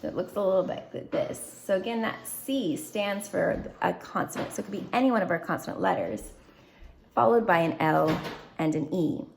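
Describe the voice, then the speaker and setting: A woman gives a phonics lesson, patient and methodical as she writes out words and explains them. Her voice has a slight gravelly edge, and a faint hiss of noise sits under the recording. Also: medium pitch, moderate pace. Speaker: teacher.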